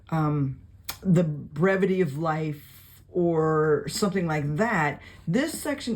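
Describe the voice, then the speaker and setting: Reading verses aloud and jotting notes as they go, a Bible study teacher explains scripture in a casual video lesson. The delivery is conversational and full of fillers, in a mid-range, somewhat mellow voice.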